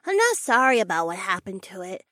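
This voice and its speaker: A woman's voice: medium pitch, sing-song, brisk, bright, forceful tone, no echo, clean studio sound. A woman voicing a chatty, spoiled little noble girl in an audiobook, with a sing-song, whiny way of talking. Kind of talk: audiobook character voice.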